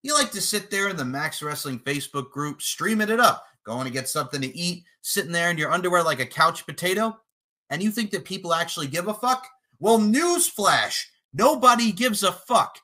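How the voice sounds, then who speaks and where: A man cutting a boastful, profane wrestling trash-talk promo, taunting his opponent and breaking into shouted lines. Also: sits high, expressive, normal speed. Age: adult, podcasting eight years. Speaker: podcast promo contestant.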